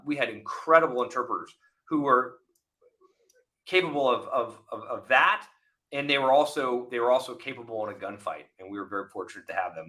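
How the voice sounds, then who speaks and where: A man in his forties, a former military officer guest on a podcast, chatting casually and telling animated stories. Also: mid-range voice. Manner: animated storyteller, acts out voices in anecdotes. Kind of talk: casual interview chat.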